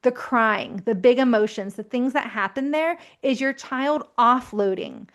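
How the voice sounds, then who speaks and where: A woman in her thirties giving calm, reassuring parenting advice in a gently explanatory way. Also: on the high side, measured pace. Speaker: parenting educator.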